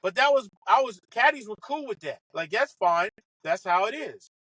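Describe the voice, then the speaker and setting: A man telling stories from his caddying days in an animated way, acting out what other people said. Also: high voice, dry recording, poor audio. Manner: fast, excitable, acts out other people's quotes. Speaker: podcast guest, former caddy. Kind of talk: animated storytelling.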